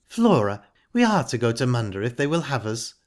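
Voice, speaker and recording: A man voicing a calm, sharp-tongued young woman who speaks in a pointed, ironic way. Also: mid-range voice, moderate pace, voice pushed up, lightly acted. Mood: pleased. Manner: cool, pointed and cutting.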